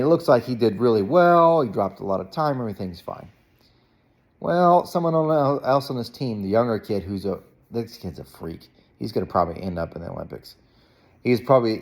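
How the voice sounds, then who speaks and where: A man casually telling a rambling story as a parent, with frequent restarts and fillers. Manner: rambling, animated, jumps to a high voice when quoting himself. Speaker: parent vlogger.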